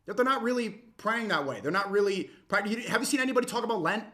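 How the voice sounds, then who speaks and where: A young man reacting to a clip with heated, mocking commentary that swings suddenly loud. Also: sits high, animated, fast.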